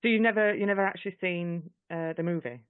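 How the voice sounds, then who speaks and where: A man's voice: sits high, fast talker, clean tone, dry recording. A man hosting a live online interview, reading viewer questions and adding brief affirming interjections. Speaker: host. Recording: tinny dry call line.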